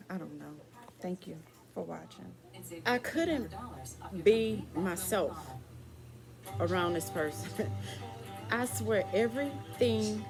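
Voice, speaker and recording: Slow-talking woman vlogging candidly. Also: medium pitch, gravelly. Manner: candid, rambling, dialect speech with restarts. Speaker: vlogger asking viewers for advice. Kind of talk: casual personal vlog to camera.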